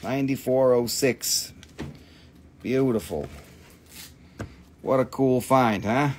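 A man's voice: medium pitch, slow pace, a little mellow, a little hiss or hum. A middle-aged man with an Appalachian accent hosts a casual live sales stream, talking loosely about his stones, swearing freely and reading out prices and buyer numbers. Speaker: live-stream crystal seller.

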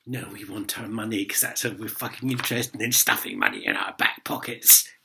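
A man's voice: lowish voice, wildly swooping pitch, a little fast, vocal fry, sharp tone, a little hiss or hum, full character voice. An Englishman mocking a greedy court official. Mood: smug. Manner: mocking, smug.

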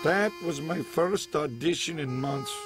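An actor playing a big, gentle woodsman and hopeful actor, speaking in a German accent with slow, stiff, formal phrasing. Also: fairly high pitch, close to an everyday voice. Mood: earnest. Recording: film soundtrack with loud music behind.

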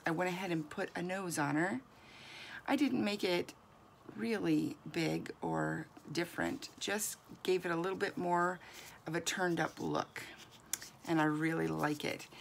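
A woman's voice: on the low side, gravelly, a bit bright, a little hiss or hum. A woman giving a chatty, encouraging crafting tutorial as a doll artist, thinking aloud as she works.

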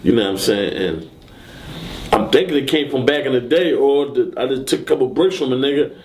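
A man being interviewed, telling a story casually and acting out what people said with sudden high, loud bursts. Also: brisk, slight background noise. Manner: animated, acts out quotes and shouts in sudden high bursts.

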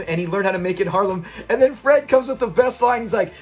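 Guy with a pretty high voice rambling excitedly about his fave tv moments, faint music behind. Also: fast talker. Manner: enthusiastic, rambling, retells scenes with quoted lines. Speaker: host of a classic TV fan channel. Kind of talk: casual fan commentary.

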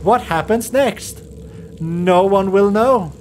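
Game streamer, male, high voice, slow unhurried delivery, skittish and foul-mouthed while reacting to scares. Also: a little hiss or hum. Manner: jittery, swearing, nervous laughter, talks to himself. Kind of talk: let's play commentary.

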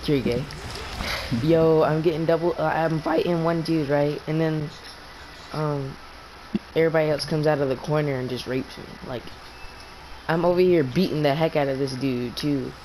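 A teenage boy chatting with friends over voice chat while playing an online game, excitable and prone to voice cracks when he yells. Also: fairly high pitch, normal speed, slight background noise, poor audio. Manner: excitable, shouts during fights, voice cracks upward. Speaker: gamer streaming with friends. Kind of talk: casual voice chat while gaming.

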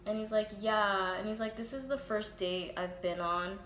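In a steady, slightly bright medium-pitched voice at normal speed, a young vlogger tells a profane, casual story, playing both sides of the exchange and quoting herself and others openly. The room echoes, with faint ambience and a touch of hiss or hum.

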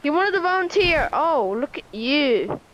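High-voiced woman commenting on gameplay. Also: unhurried. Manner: excitable, chattering reactions. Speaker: gameplay streamer. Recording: noisy game audio behind.

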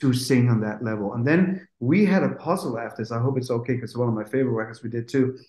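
Animated man telling studio stories. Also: mid-range voice, fast, reverberant, low-quality recording. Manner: animated, acts out quotes, swears casually. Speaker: music producer, guest. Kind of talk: anecdotal interview storytelling.

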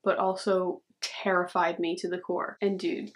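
A woman's voice: lowish voice, level tone, measured pace. A young woman vlogging casually, reacting to memes with sarcastic, chatty commentary. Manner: sarcastic, says "dude" a lot. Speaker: YouTuber.

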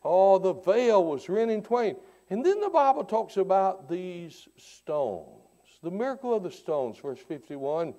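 Animated man preaching a dramatic sermon. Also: mid-range voice. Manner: dramatic, swings from hushed to shouting; repeats rhetorical questions. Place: church sanctuary.

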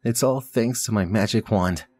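A man's voice: lowish voice, normal speed, darkish tone, slightly rough, no echo. A man reading the lines of a stern little girl witch from a game aloud, who threatens punishment in his own plain voice.

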